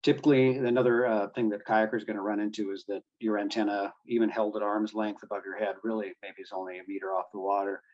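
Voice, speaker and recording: A man's voice: lowish voice, flat delivery, fast, few pauses, lo-fi sound. A man explaining radio communications to a boating club, with many fillers and restarts. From United States. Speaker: guest speaker on marine radio.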